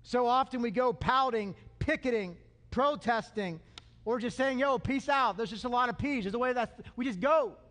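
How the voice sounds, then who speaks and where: High-voiced man preaching in echoing hall. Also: normal speed. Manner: animated, calls for congregation response. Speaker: pastor. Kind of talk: sermon. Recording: long hall reverb.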